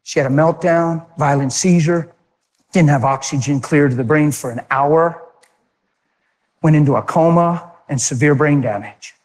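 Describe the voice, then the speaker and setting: A man preaching a sermon, telling a personal story and acting out the voices of people in it, shifting between forceful delivery and hushed tones. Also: a little high, unhurried, big-room sound. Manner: acts out dialogue, swings from loud to hushed.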